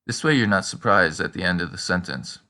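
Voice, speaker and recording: Male teacher for a scripted lesson, bright and forceful tone, slows down for the examples. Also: low-pitched, lively intonation. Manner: prompting the listener with questions and pauses. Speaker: language teacher.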